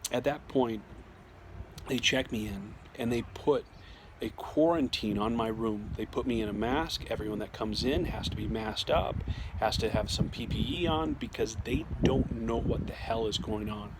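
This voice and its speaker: A man's voice: on the low side, normal speed. A man telling a personal story in a casual, conversational way, often restarting his sentences and acting out what was said to him. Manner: conversational, with frequent restarts and quoted dialogue. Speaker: storyteller sharing a personal experience. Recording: loud background noise.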